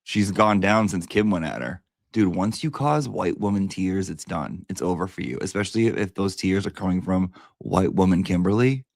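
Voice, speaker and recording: Male commentator, low voice, crude and rambling. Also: normal speed, gravelly, few pauses, darkish tone, no echo, studio quality. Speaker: online commentator. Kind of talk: casual commentary.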